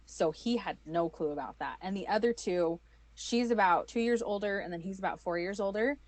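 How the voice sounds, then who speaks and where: A woman's voice: mid-range voice, a little fast, no echo. Chatty woman telling a story. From United States. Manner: animated, acts out quoted voices, many fillers. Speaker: interview guest. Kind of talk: personal storytelling interview.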